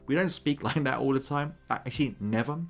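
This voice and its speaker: An English man talks through a film review at a quick clip, chatty and animated, his pitch sitting in an ordinary middle range. Faint music plays underneath him. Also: gravelly. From England. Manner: chatty and animated, with mocking posh impressions. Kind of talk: casual video review.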